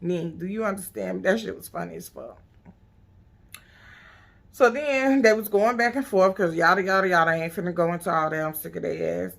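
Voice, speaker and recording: A woman's voice: on the low side, moderate pace, gravelly. A woman casually recapping a reality TV episode, blunt, profane and sassy.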